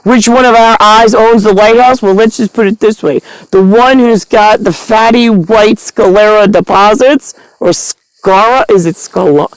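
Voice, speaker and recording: A woman's voice: mid-range voice, steady tone, moderate pace, hardly any pauses, clean tone, no room sound, poor audio. A woman delivering a rambling, angry, profane monologue to the camera.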